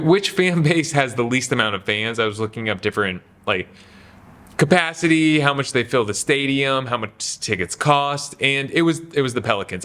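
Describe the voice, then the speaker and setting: A man's voice: mid-range voice, a bit bright. A young adult man giving a casual, rambling basketball opinion monologue for his channel, with self-deprecating asides. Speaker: sports commentary YouTuber.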